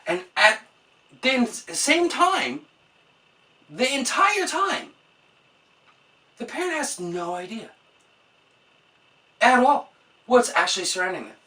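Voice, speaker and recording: A woman vlogger on an exasperated, swearing comedic rant. Her voice is bright and forward. She sits some way back from the microphone. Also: on the high side, very animated, slow pace, pauses often, distant mic.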